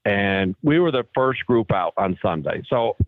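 A man's voice: lowish voice, unhurried, no room sound. A man on a phone line, casually telling old tour stories and acting out the voices of the people in them. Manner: animated storyteller acting out quoted voices. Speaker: guest golfer. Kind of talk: casual storytelling.

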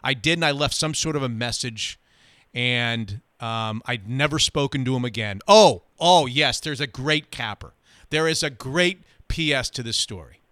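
Bright-voiced male sports radio host. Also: medium pitch, dry recording. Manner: animated, quick anecdote telling.

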